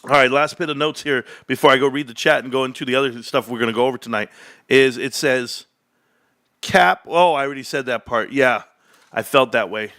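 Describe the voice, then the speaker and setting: Excitable man ranting about stocks. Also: medium pitch, fairly quick, dry recording, studio quality. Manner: animated, excitable, boastful, rambling. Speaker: host. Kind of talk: casual livestream stock commentary.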